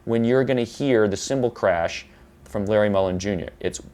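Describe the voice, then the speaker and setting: A man's voice: lowish voice, normal speed, darkish tone. A man teaching guitar, explaining rhythm patiently, counting beats aloud and now and then correcting himself. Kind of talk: guitar tutorial. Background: electric guitar playing.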